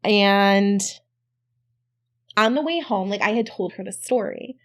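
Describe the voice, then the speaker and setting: Podcast co-host, woman in middle age, chatty, animated storyteller. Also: medium pitch, slow pace. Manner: chatty, animated when quoting, laughs often. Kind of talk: casual storytelling chat.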